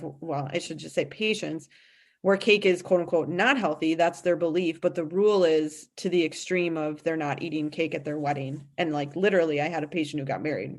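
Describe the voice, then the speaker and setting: A woman with a lower-pitched voice co-hosts a casual podcast. She talks emphatically and in quick bursts about her clients, with frequent restarts. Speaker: podcast host and nutrition practitioner.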